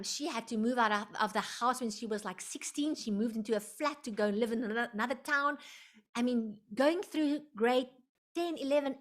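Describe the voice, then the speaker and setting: A woman hosting a live online workshop, expressive and emotional, slipping into prayer like a preacher. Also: a little high. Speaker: workshop host.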